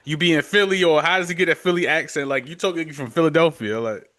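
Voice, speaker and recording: A man's voice: a little high, fast, a bit bright, no echo. A man from New York hosting a casual podcast interview, laid-back and full of "yeah" and "you know what I'm saying". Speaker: podcast host.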